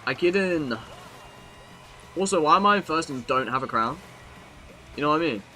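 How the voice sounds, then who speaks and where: Bright-voiced young British streamer. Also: male voice, a little high, lively intonation, normal speed, faint music behind. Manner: chatty, swears freely, talks to chat while playing. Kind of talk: casual live-stream commentary.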